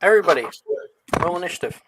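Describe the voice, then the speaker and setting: Game master, tabletop game over voice chat, animated pitch, laughing, calls players by name. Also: rapid-fire, noisy background.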